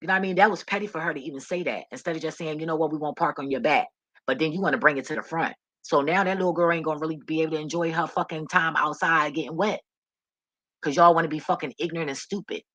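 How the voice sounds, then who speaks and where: A woman vlogger rants bluntly and profanely to camera. Her voice is forceful and bright, and the sound is dry. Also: low-pitched, quick pace, no echo. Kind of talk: profane storytelling rant.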